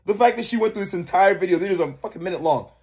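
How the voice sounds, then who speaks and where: A man's voice: sits high, expressive, racing. A young man co-hosting a reaction video, ranting in heated, profane casual commentary.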